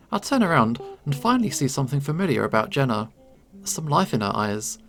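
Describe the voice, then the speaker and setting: Guy reading a visual novel out loud, kinda gravelly voice, faint guitar music behind. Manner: reads narration and dialogue, lightly shifting pitch between characters. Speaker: game narrator.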